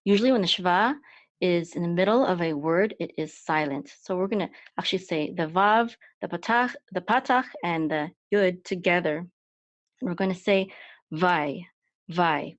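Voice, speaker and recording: This Hebrew reading lesson is led by a woman whose voice sits on the low side, moving at a moderate pace through each step. Each sound gets patient repetition, several times over. The recording is lo-fi, dull and dry, without any echo.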